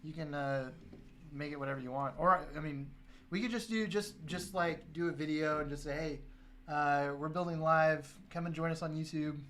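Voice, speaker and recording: A man's voice: fairly high pitch, fairly even intonation, moderate pace, fairly bright tone, a little hiss or hum. A man co-hosting a live building stream in a laid-back, joking way. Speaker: co-host. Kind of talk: casual live-stream chat.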